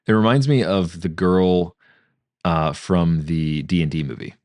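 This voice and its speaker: A man's voice: low voice, measured pace, no room sound, studio quality. A man co-hosting a podcast, brainstorming a story in a playful, casual chat. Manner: animated, playful, slips into character voices. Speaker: podcast co-host.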